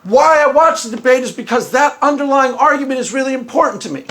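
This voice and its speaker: High-voiced man arguing a point. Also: fast. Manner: animated, acts out quoted dialogue. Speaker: video host. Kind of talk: argumentative monologue.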